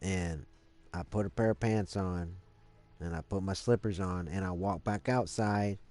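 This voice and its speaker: A man's voice: low voice, a little slow, darkish tone. A man live streaming, telling a story in a rambling casual way, cursing freely and leaning on lots of fillers. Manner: rambling, profane, many fillers.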